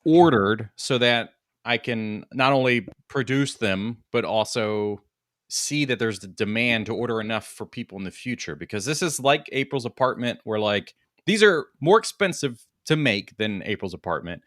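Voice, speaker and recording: Male host, mid pitch, dry close sound, relaxed and rambling. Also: moderate pace, no room sound. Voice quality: relaxed, rambling, many fillers. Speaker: host and toy product seller. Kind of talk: casual podcast chat.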